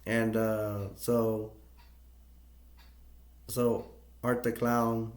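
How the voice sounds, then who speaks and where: A man's voice: lowish voice, completely flat delivery, extremely slow. A man casually retelling a film as a reviewer, rambling with many fillers and restarts and chuckling often, in an echoey room. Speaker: movie reviewer.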